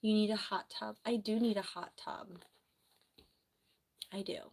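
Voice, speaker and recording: Young woman from New Jersey, nurse and stream host, rambling and chatty, slightly hoarse with the flu. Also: medium pitch, steady tone, measured pace, darkish tone. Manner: rambling, chatty, reads viewer comments aloud. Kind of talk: casual livestream chat. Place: bedroom at home.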